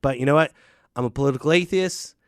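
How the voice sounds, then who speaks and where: A man hosting a solo podcast, ranting in an animated, jokey way. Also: mid-range voice, fast, smooth, no room sound, clean studio sound. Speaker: podcast host. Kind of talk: casual solo podcast rant.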